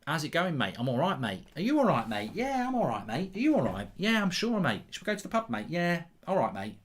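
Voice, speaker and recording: A man's voice: on the high side, wildly swooping pitch, a little fast, pitched above the performer's own voice. A man mimicking chummy blokes, sing-song. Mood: mocking banter. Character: pair of chummy English blokes swapping mates.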